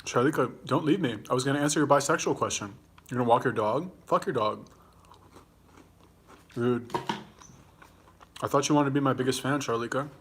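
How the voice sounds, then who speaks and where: A man's voice: mid-range voice, brisk, pauses often, a bit bright, slight background noise. A young man with a Los Angeles accent hosting a casual livestream, rambling and swearing as he answers viewer comments while eating. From California. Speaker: livestream host.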